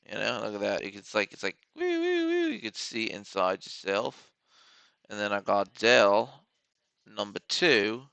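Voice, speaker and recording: A man's voice: fairly low pitch, vocal fry, pushed and bright, smooth, dry recording, poor audio. A man hosting a casual day-trading live stream from his home studio, rambling, joking and swearing freely as he talks through his trades.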